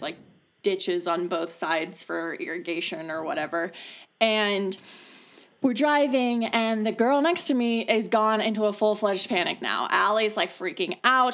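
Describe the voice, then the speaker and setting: A woman's voice: medium pitch, fairly bright tone. Chatty young woman telling a story. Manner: chatty, lots of fillers and swearing. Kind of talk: casual storytelling among friends.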